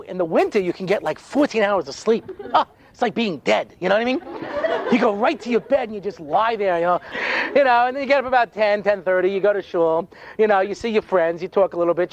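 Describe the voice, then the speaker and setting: A man's voice: sits high, rough recording. A man speaking as a rabbi, telling stories with wry sarcasm and lots of asides in a humorous lecture.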